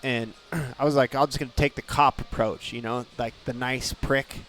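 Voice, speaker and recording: Animated man telling a story in studio. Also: medium pitch, normal speed, faint music behind. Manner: animated, acts out quotes. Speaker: guest. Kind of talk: casual storytelling. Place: radio studio.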